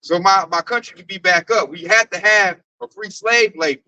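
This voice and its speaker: A man in a casual group discussion, animated and slangy, often tagging his sentences with "man". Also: sits high, normal speed, no room sound, low-quality recording. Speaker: camp group member.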